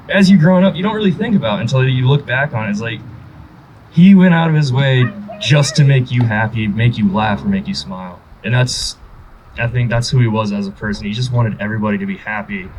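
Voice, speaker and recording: A man's voice: mid-range voice, darkish tone, slight background noise, rough recording. Young man telling family stories. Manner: storytelling, acting out quotes with rising energy. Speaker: grandson giving a eulogy. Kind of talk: memorial speech, personal stories.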